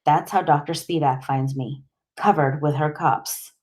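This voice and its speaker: A woman narrating a first-person audiobook in a plain, steady storytelling manner. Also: deep voice, measured pace.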